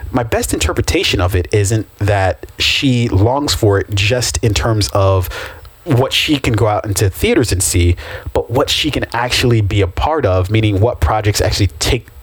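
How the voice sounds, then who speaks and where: A man's voice: lowish voice, lively intonation, moderate pace, slightly rough, dry recording. A man co-hosting a casual podcast, laid-back and profane, laughing often. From United States. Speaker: podcast co-host.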